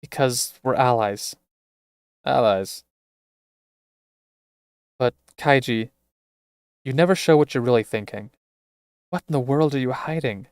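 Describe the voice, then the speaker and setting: A man's voice: medium pitch, unhurried, long pauses, smooth, no echo, clean studio sound, close to an everyday voice. A man voicing an earnest young woman, the heroine of a game he streams, reading her lines with sincere pleading.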